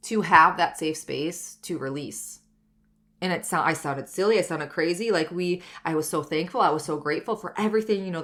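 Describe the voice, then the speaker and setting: Woman podcast host, thirties, candid and reflective, slightly low voice. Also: a bit bright. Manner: candid and reflective, with frequent "like" and "you know". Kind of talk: personal wellness podcast monologue.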